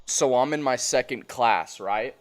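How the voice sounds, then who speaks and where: A young man telling a story on a stream in a casual, animated, profane way, laughing often. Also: mid-range voice, unhurried.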